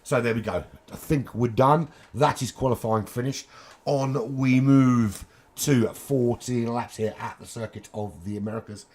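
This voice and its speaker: A man commentating a sim racing qualifying session in a chatty, cheeky way, with casual swearing and quick asides. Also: medium pitch, fairly even intonation, darkish tone, a little hiss or hum. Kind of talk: live esports race commentary.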